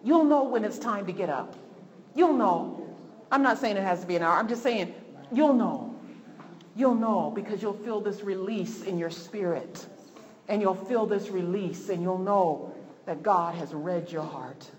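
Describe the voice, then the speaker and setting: A woman's voice: mid-range voice, expressive, unhurried, darkish tone. Fervent woman preaching in a reverberant hall. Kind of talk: sermon. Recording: long hall reverb, faint noise.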